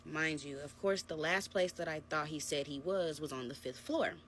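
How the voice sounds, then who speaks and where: A woman's voice: low-pitched, normal speed, slight background noise. A woman telling a personal story in a casual, chatty storytime vlog, talking straight to her viewers. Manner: chatty, animated, addresses viewers as y'all.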